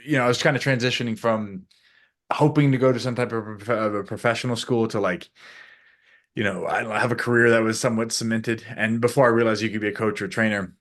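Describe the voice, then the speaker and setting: A man's voice: on the low side, fairly even intonation, fast talker, fairly bright tone. A man who works as a coach, a guest on a podcast, rambling in casual chat and acting out the voices of people he quotes.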